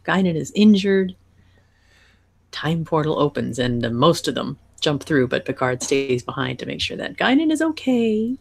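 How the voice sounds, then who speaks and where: Husky-voiced woman, amused. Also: sits low, sing-song, normal speed. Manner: amused, giggly recapping. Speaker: podcast co-host. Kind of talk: casual chat.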